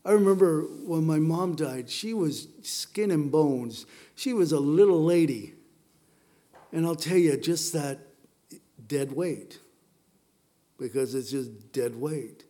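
A man preaching to a congregation. His voice sits high for a man, and his delivery is animated and conversational, full of playful asides. He sounds middle-aged. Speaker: pastor. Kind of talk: sermon.

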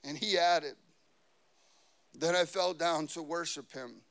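A man preaching a sermon, moving from quiet storytelling to loud, emphatic scripture reading. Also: on the high side, takes it slowly. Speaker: pastor.

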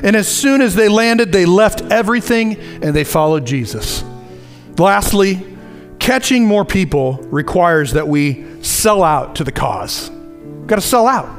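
A man preaching with a high, lively voice that climbs and drops all through. His delivery is conversational and animated, and he acts out little asides as he goes. Faint music plays underneath. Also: measured pace. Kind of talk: sermon.

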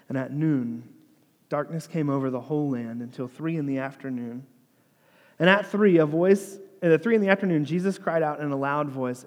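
A man's voice: fairly high pitch, moderate pace. Dramatic preacher man, hall echo. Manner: dramatic storytelling, dropping to a hush for quoted words, rising for crowd lines. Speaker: pastor. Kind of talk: sermon. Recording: long hall reverb.

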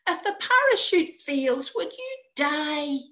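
A woman voicing an anxious young boy who asks blunt, worried questions in a high, pleading voice. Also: big pitch swings, slow pace, fairly bright tone, full character voice.

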